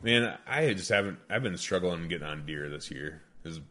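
A man's voice: low-pitched, moderate pace. A man casually telling a rambling hunting story with lots of swearing. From American Midwest. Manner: animated, heavy swearing, rambling. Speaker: guest hunter.

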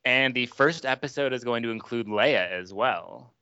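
A man with a bright, crisp voice running through announcements quickly and eagerly in a casual podcast chat. The sound is dry and close, with slightly dull audio. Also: medium pitch, no room sound. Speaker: podcast co-host.

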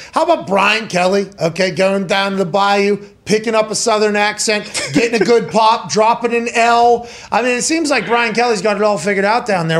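This is a man in his thirties with a high voice, hosting a sports talk show in a loose, joking way. He rambles through his points and swears freely. It sounds like a casual chat among friends. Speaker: host.

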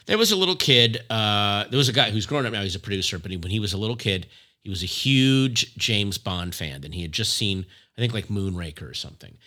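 A man co-hosting a podcast in casual chat, an animated, joking storyteller. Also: on the low side, fairly quick. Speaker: podcast co-host.

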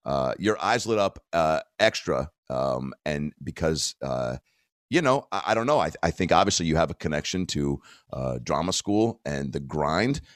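Deep-voiced, animated male storyteller. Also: moderate pace, no room sound, clean studio sound. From Seattle area, United States. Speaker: host. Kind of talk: casual interview conversation.

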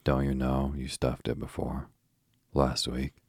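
A man's voice: rumbling low, monotone, unhurried, gravelly, husky, no room sound, studio quality, full character voice. A man voicing a blunt, grumbling young boy who scoffs at his sister's plans. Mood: scornful.

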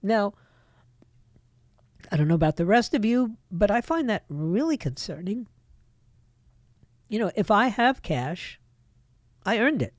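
A woman's voice: medium pitch, sing-song, measured pace, long pauses, no echo, studio quality. A middle-aged woman hosting a political talk radio show, opinionated and emphatic, talking straight to her listeners.

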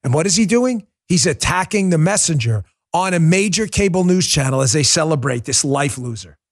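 A man's voice: fairly high pitch, expressive, moderate pace. A man hosting a political commentary show, delivering a heated, emphatic monologue. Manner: fiery, emphatic, repetitive ranting.

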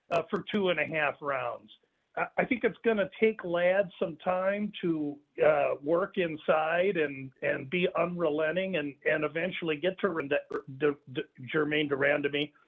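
Male fight analyst, high voice, measured and halting, phone-line audio. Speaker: sports analyst co-host. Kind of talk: casual sports analysis.

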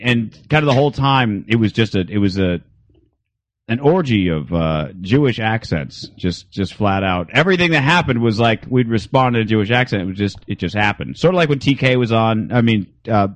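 A man's voice: fairly low pitch, no room sound. A man hosting a podcast, telling a rambling, wry story in casual chat. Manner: rambling, self-interrupting, wry. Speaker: podcast host.

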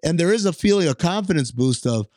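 A young adult man hosting a casual sports talk show, playful and animated. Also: on the high side, fast talker, no room sound, clean studio sound. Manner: playful, animated, slips into impressions.

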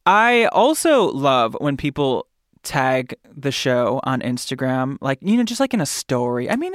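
A man hosting a podcast in a casual, campy and chatty way, often jumping up into high squeals. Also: clear, resonant tone, dry recording, studio quality. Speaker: podcast host.

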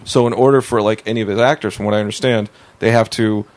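A man's voice: fairly low pitch, steady tone, quick pace. A man hosting a casual podcast interview, laughing often and asking rambling questions. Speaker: podcast host.

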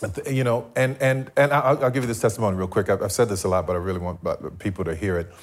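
A man's voice: lowish voice, steady tone, racing. A middle-aged man sharing a personal faith testimony in a conversation, telling his story vividly and acting out quoted dialogue. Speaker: guest.

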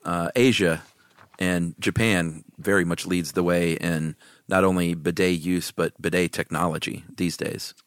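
Very low-voiced laid-back man. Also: fairly even intonation, a little slow, a bit bright, no echo, clean studio sound. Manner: laid-back, sardonic quips. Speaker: podcast co-host. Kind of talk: casual chat.

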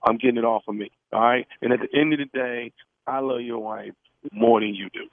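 A man's voice: medium pitch, steady tone, a little fast, gravelly, no room sound. A man making a radio prank call, brash and matter-of-fact, often stammering over his words. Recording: dry phone-like line.

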